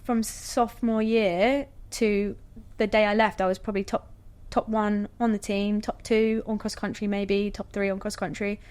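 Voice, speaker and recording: A woman, a guest athlete telling her story in a relaxed, chatty way, full of "like" and "you know". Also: medium pitch, normal speed, clean tone. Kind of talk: casual storytelling interview.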